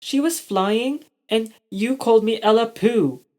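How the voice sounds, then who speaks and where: A storyteller voicing a bossy young girl who exclaims in a high, loud voice. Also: expressive, slow pace. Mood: upset.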